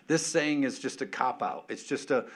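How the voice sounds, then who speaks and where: A man preaching a sermon as pastor, emphatic and animated, calling out to the congregation with casual, joking asides. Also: medium pitch, normal speed.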